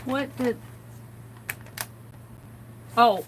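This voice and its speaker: A woman's voice: a little high, lively intonation, a little slow, bright, forceful tone, slight background noise, low-quality recording. A woman hosting a casual art livestream, chatting and reading quotes aloud with amused comments. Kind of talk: casual craft livestream chat.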